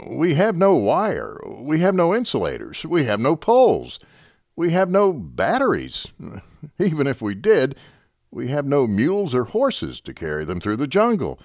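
A man's voice: mid-range voice, huge pitch swings, measured pace, a little mellow, no echo, studio quality, voice pushed up, full character voice. A man voicing a stern middle-aged army captain, clipped and sarcastic. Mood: icy.

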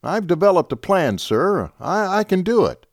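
A man's voice: mid-range voice, wildly swooping pitch, measured pace, no room sound, clean studio sound, pitched above the performer's own voice. A man voicing an eager young army lieutenant, earnest and stammering over his plan.

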